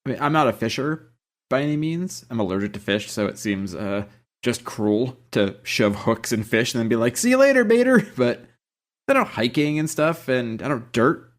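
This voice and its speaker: A man's voice: medium pitch, normal speed. A man co-hosting a casual podcast, blunt and sarcastic in his remarks. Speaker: podcast co-host. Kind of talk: casual chat.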